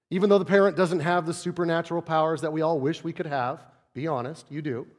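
A man, a pastor, preaching a sermon in a conversational way, dropping to soft low tones to stress a point. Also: big-room sound.

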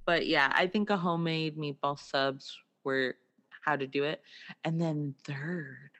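A relaxed speaker chatting casually about food, laughing often. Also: mid-range voice, measured pace. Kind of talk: casual chat.

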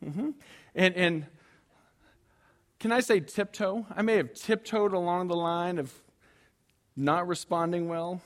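A man preaches in a high, lively voice, spinning a self-deprecating story for his congregation. He acts out his own frantic moments and jokes with the people in the pews. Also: takes it slowly, pauses often. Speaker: pastor. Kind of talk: storytelling sermon.

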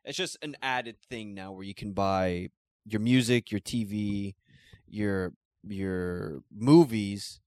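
Relaxed man explaining in casual chat. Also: on the low side, slow pace, dry recording, studio quality. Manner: relaxed listener, explains things plainly.

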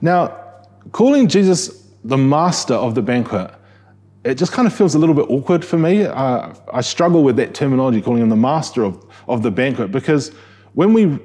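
A man with a New Zealand accent delivers a sermon in a relaxed, conversational way, restarting his phrases and asking the congregation questions. His voice is warm and mellow, with a slightly husky edge. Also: medium pitch, a little fast. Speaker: preacher.

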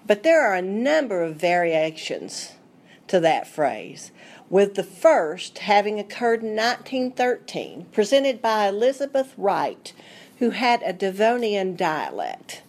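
A woman's voice: medium pitch, big pitch swings, measured pace, a little mellow. A middle-aged woman with a Southern Appalachian accent, a food writer presenting a recipe in a chatty, homespun, playful way. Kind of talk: scripted radio segment.

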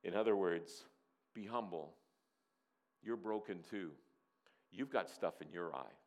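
A man preaching a sermon, animated and playful, who acts out scenes and sometimes drops to a soft, earnest tone. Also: sits low, measured pace. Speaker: pastor.

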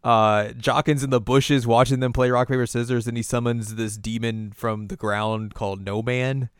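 A young man co-hosting a podcast, chatting casually and retelling scenes with quick acted quotes. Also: medium pitch, steady tone, smooth, no room sound, studio quality. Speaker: podcast co-host. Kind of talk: casual recap chat.

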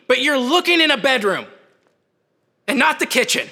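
Young male campus preacher, high, bright, animated sermon, hall reverb. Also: normal speed, gravelly. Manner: animated, conversational, shouts at peaks.

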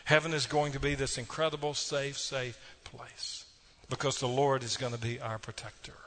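A man's voice: mid-range voice, fairly even intonation, fast, fairly bright tone, a little hiss or hum. Folksy preacher man. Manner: folksy storytelling with audience asides. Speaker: pastor. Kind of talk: sermon.

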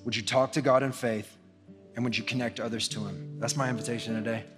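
Male pastor, earnest repetitive sermon, long hall reverb, soft guitar behind. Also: medium pitch, fairly even intonation, quick pace. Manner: earnest, repetitive preaching that swells in intensity.

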